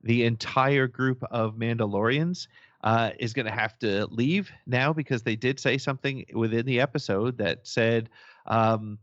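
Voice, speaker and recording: Guy hosting a podcast, kinda halting, muffled dry audio. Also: mid-range voice, dry recording. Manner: thoughtful, halting, with many fillers. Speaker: podcast host. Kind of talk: casual chat.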